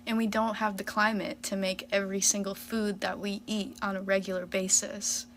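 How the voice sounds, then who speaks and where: Woman, mid-pitched, blunt and mocking livestream talk. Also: flat delivery, moderate pace, fairly bright tone.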